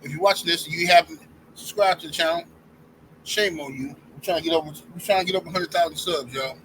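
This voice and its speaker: Guy with a high bright voice going off about sports, heated, talking right to his viewers. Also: quick pace, a little hiss or hum, poor audio. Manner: heated, addresses viewers directly as y'all. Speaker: sports commentary YouTuber. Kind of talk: opinionated sports rant to camera.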